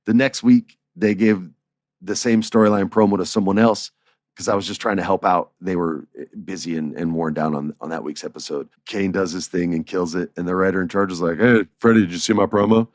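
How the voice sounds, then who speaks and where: A man hosting a podcast, telling stories in a casual, animated way, chuckling and acting out dialogue. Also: low-pitched, fairly quick, dry recording, clean studio sound. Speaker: podcast host. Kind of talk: casual storytelling.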